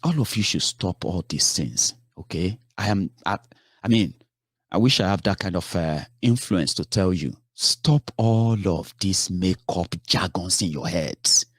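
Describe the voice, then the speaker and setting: A man's voice: low voice, a little slow, dry recording, studio quality. Exasperated man scolding his audience. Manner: exasperated, scolding, rhetorical questions, swears. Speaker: political commentator. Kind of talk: heated political commentary monologue.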